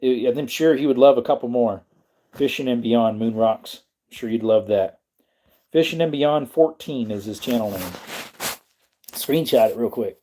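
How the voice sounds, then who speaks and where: Mellow man chatting on a livestream. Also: mid-range voice, moderate pace. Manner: rambling, reads and answers chat. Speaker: livestream host. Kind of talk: casual livestream chat.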